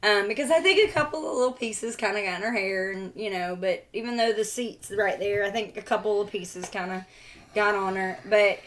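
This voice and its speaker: A woman co-hosting a homestead chat show, telling a story in a lively way, laughing often and acting out the voices she quotes. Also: mid-range voice, brisk. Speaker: co-host of homestead Q and A.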